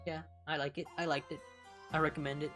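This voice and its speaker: A young woman from California, a streamer chatting casually while reading along, blunt and profane and quick to laugh. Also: sits low, level tone, music in the background. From California, United States.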